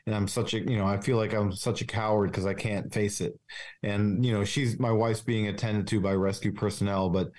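Halting, low-voiced man opening up. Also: steady tone, darkish tone. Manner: halting, with many restarts and fillers; earnest, confessional. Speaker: police officer, podcast guest. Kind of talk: candid personal interview.

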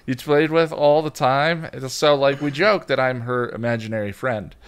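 A young man co-hosting a podcast, rambling through anecdotes in casual chat and sometimes jumping into a squeaky voice to play a toddler. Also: normal speed, clean tone. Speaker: podcast co-host.

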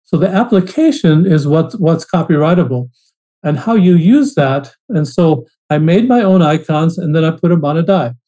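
A man's voice: on the high side, expressive, normal speed, warm tone, poor audio. A man as a podcast guest, telling his story earnestly in a casual interview, often restarting phrases.

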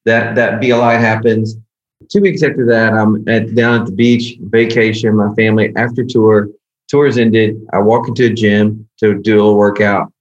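A man who is a worship singer-songwriter, guest on a podcast, telling a story in a casual, animated way and acting out the people in it. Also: lowish voice, normal speed, highs cut off. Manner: animated, acts out quoted dialogue. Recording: roomy echo.

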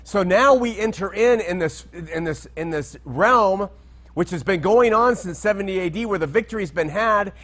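A man with a somewhat high voice teaches through Bible verses in an unscripted way. He talks conversationally, wanders off into asides and checks in with his listeners to see if they follow. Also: normal speed, a bit bright.

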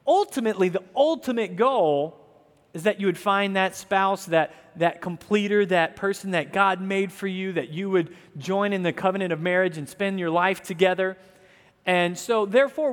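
A man in his thirties from the American South, preaching a sermon in an earnest, conversational way with asides to the congregation. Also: sits high. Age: 30s. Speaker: pastor. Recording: long hall reverb.

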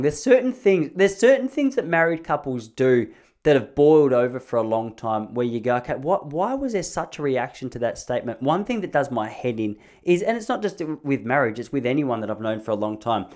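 A man's voice: medium pitch, darkish tone. A man hosting a podcast from a home studio, telling rambling, self-mocking stories with lots of restarts. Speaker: podcast host. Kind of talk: casual comedic monologue.

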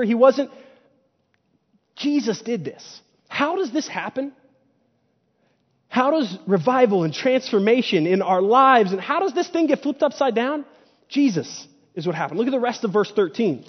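A male preacher on a church stage giving a casual, conversational sermon and acting out paraphrased dialogue. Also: very high-pitched. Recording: dull sound with long hall reverb.

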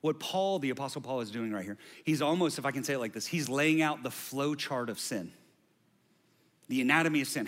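A man preaching a sermon, emphatic and conversational, with asides to the congregation and swings from loud bursts to quiet lines. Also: medium pitch. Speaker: pastor.

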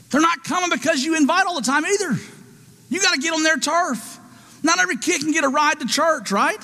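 A man's voice: very high-pitched, brisk, sharp tone, in a large hall. A man preaching a sermon, calling out to his congregation for responses in an emphatic, rousing way.

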